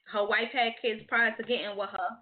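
A woman's voice: on the high side, fairly even intonation, brisk. A woman co-hosting a call-in talk show, frank and profane in street slang. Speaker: co-host. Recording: tinny phone line.

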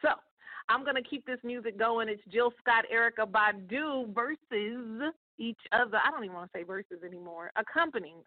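A woman's voice: on the high side, normal speed, dry recording. A woman hosting a morning podcast, talking casually as a success coach, chatty and motivational, speaking straight to her listeners. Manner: chatty, preachy, addresses listeners directly. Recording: tinny phone-like line, dry.

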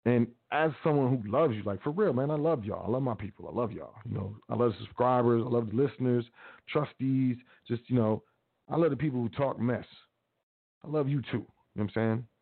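A man's voice: mid-range voice, brisk, vocal fry. Man preaching casually over a tinny line. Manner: casual, preachy, repetitive urging. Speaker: podcast host. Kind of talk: motivational talk. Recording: tinny phone-like audio.

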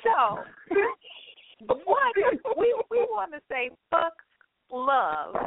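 A woman's voice: very high voice, big pitch swings, drawn-out words, no room sound. A woman hosting a casual talk show, teasing and bossily prodding her guests to speak. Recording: tinny dry phone-line sound.

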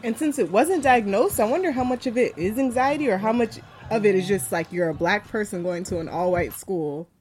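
A woman co-hosting a casual podcast review of a show. She speaks in a mid-pitched voice and is thoughtful and analytical as she weighs the characters' behavior. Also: animated, brisk, hardly any pauses, darkish tone, a little hiss or hum. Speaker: podcast co-host.

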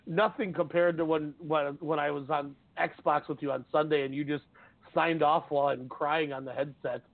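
A man with a fairly high voice hosts a casual sports talk show, rambling and emotional as he tells stories. He comes through a tinny, phone-like line with a dry sound. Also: steady tone, moderate pace, vocal fry, no room sound. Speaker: sports radio host.

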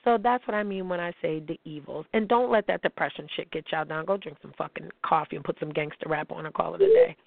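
A woman's voice: low voice, very animated, fast, gravelly, hardly any pauses, no room sound. A woman hosting a podcast, delivering a blunt, heated, profane monologue. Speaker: podcast host. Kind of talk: emotional monologue. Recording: tinny phone-like sound.

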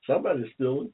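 A man's voice: fairly high pitch, noisy background. An older man hosting an online talk show, chatting casually and joking with listeners, rambling and repeating himself. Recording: phone-like line.

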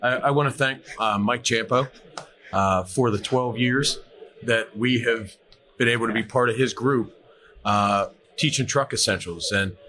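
Earnest man giving halting thanks. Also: mid-range voice, pushed and bright. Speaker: fire service instructor, co-host. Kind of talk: casual panel chat.

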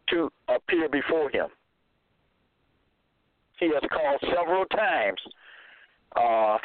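A man preaching slowly and deliberately, quoting scripture verse by verse and repeating his phrases. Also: fairly high pitch, no room sound. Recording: tinny phone-line sound, dry.

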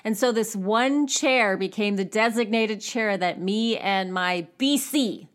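A woman in her forties hosts her own podcast and talks straight into a podcast mic. Her pitch sits mid-range for a woman. She chats casually and expressively, and her voice often leaps up in pitch. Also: takes it slowly. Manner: chatty and expressive, with jumps in pitch. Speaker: podcast host. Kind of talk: casual solo podcast talk.

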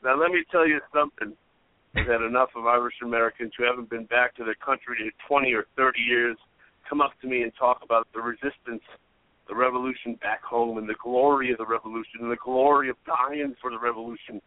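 A man's voice: mid-range voice, steady tone, fast talker, dry recording, close to an everyday voice. A man impersonating an impassioned Irish male rock singer who makes a fervent speech full of rhetorical questions. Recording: phone-like narrow sound.

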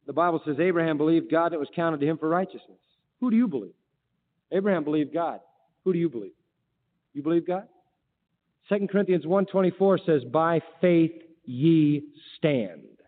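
Heard over a tinny, phone-like line drenched in long reverb, this man preaches a forceful sermon full of rhetorical questions and scripture quotes. His pitch is fairly high, and he talks fast while pausing often.

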